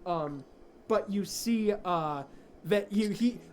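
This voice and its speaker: Man, game master, high voice, lots of ums and uhs, faint ambient noise. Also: slow pace. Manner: rambling with many fillers, laughing. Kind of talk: narrating a tabletop game.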